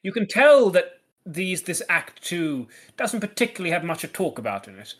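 A man's voice: high voice, very animated, moderate pace, fairly bright tone, husky. A man co-hosting a podcast in casual chat, explaining background from his notes with dry wit. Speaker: podcast co-host.

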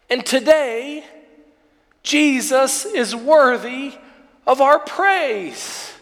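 High-voiced man preaching in an echoing hall. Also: lively intonation, a bit bright. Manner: builds up with repetition, slows for emphasis. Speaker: pastor. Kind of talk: online sermon.

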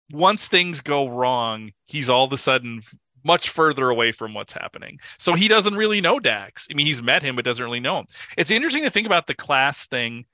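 A man co-hosting a podcast, discussing a film in an animated way, with chuckles and lots of filler words. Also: medium pitch, dry recording. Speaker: podcast co-host.

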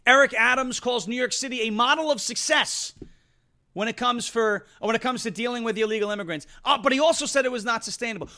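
A man's voice: very high-pitched, fast talker, bright, forceful tone. A man hosting an opinionated political commentary show, combative and sarcastic, repeating phrases for emphasis.

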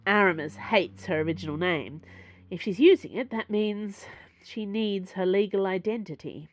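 Woman reading as a gruff forceful woman. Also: mid-range voice, normal speed, natural voice. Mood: urgent. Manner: gruff, chilly.

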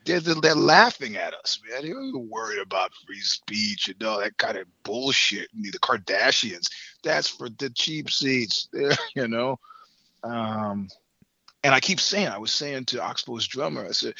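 A man's voice: mid-range voice, animated, normal speed, gravelly, bright, forceful tone, slightly rough, dry recording, muffled recording. A middle-aged man from the United States in casual chat, rambling through stories with swearing and laughter. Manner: rambling, profane, laughs between points. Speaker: podcast guest.

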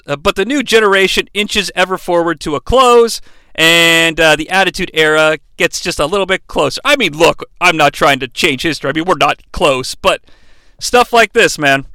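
A man's voice: high-pitched, sharp tone, smooth, dry recording. A man hosting a podcast, recapping a wrestling match in a chatty, profane, enthusiastic way. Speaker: podcast host.

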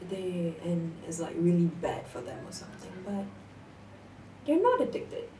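A young woman talks casually and tells her stories with animated energy. She sits back from the microphone in an echoey room. A faint hiss runs under her voice. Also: fairly low pitch, a little slow. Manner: animated storytelling, laughs often. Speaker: guest. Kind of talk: casual chat. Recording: echoey room, distant mic, faint noise.

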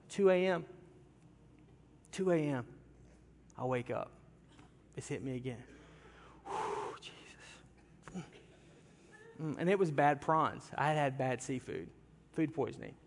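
A pastor telling a humorous story in a sermon, talking animatedly and directly with his congregation in a church sanctuary. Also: fairly high pitch. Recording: long hall reverb from a large church.

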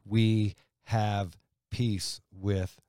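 A pastor with a lowish voice talks through scripture with a co-host, earnest and conversational. He builds to emphatic points, then drops his voice low. The sound is dry and close. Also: level tone, extremely slow, dark tone, no room sound.

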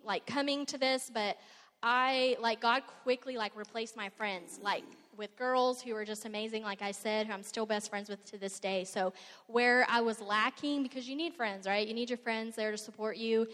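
Young woman, heartfelt church testimony, slightly high voice, reverberant sanctuary. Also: fairly even intonation, moderate pace, fairly bright tone. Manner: earnest, emotional, filler-heavy storytelling. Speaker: testimony speaker. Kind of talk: personal faith testimony. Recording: echoey hall sound.

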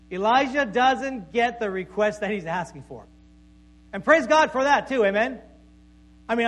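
A male pastor preaching a sermon before a congregation in a conversational way, checking in with "right?" and dropping to a soft voice for emphasis. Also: high voice. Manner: conversational preaching with frequent "right?" tag questions and stammered repeats; drops to soft, quiet tones for emphasis.

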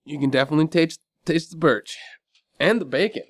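A married man co-hosting a casual beer-tasting podcast, laid-back and telling dry deadpan jokes. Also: fairly high pitch, brisk. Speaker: podcast co-host. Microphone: studio microphone.

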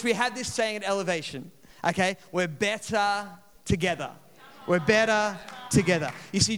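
Man, pastor, humorous conversational sermon, fairly high smooth voice, reverberant church hall. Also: a bit bright. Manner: chatty and humorous, with many restarts. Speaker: location pastor. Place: church auditorium. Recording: long reverb in a large hall.

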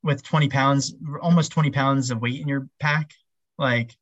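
A man of ordinary pitch talks casually as a podcast guest, rambling and filling his sentences with "um" and "like." The sound is a little dull and muffled, with a dry, close feel. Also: steady tone, normal speed, fairly bright tone, no echo. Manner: rambling, heavy with fillers like "um" and "like". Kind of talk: casual interview chat.

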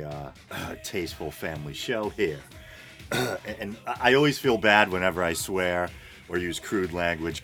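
A man's voice: sits low, a bit bright. A man hosting his show alone, just up from a nap, rambling through an unscripted monologue with wry, self-mocking asides. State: groggy after a nap. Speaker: podcast host.

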